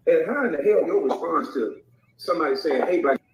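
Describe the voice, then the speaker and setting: A man's voice: a little high, animated, fairly quick. Taunting man ranting in an echoey room. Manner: mocking, profane, taunting. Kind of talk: heated call-out rant. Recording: echoey, far from mic.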